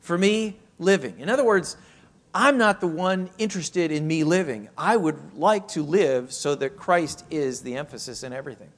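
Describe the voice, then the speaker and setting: Emphatic male preacher with a higher voice. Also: expressive. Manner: emphatic preaching, slows to stress phrases, rhetorical questions. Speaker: pastor. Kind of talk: sermon.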